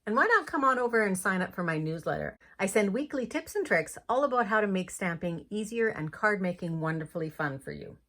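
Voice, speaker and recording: A woman's voice: medium pitch, animated, brisk, few pauses, fairly bright tone. A woman from Canada talking through a paper crafting tutorial step by step, explaining each move as she works.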